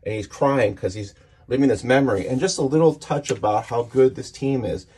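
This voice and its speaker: Husky man eagerly walking through a comic. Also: mid-range voice, brisk, warm tone. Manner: enthusiastic, rambling with restarts. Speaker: comic book reviewer. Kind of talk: casual comic book walkthrough.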